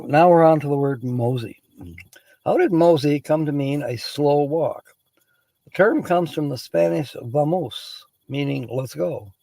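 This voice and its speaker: A man's voice: on the high side, gravelly, darkish tone, no room sound, poor audio. A man hosting a livestream, reading word origins aloud, chatting casually, laughing often and greeting viewers by name. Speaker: livestream host.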